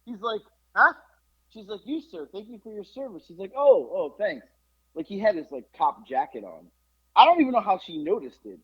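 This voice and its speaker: A man's voice: moderate pace, breathy edge. A man co-hosting a podcast, telling a casual story with swearing and acted-out quotes. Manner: animated, swears, quotes people in lowered voices. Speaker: podcast co-host. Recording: muffled lo-fi podcast audio.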